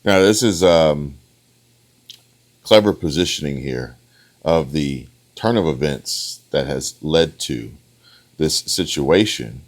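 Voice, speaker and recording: A man's voice: extremely low pitch, animated, slow. A man giving opinionated, rambling reaction commentary on a debate clip, often punctuating his points with "okay?". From United States. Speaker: online political commentator.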